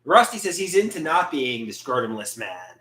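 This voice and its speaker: A man's voice: mid-range voice, very animated, normal speed, a bit bright. Man, livestream host, joking, roomy echo. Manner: joking, laughing questions to chat. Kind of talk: casual live chat.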